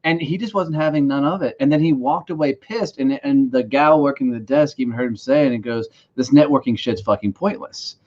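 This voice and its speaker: A man's voice: medium pitch, fairly quick, hardly any pauses, a little mellow. A man, hosting a podcast, tells stories casually, laughs often and swears freely. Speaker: podcast host. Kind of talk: casual conversational storytelling. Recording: slightly dull lo-fi audio.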